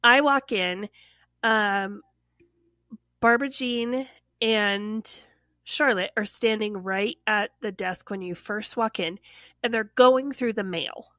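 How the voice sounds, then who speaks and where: A woman's voice: medium pitch, slow, no room sound, studio quality. A woman casually telling a personal story on a podcast, acting out what others said and filling her speech with "like.". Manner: animated, acts out quoted voices, lots of "like".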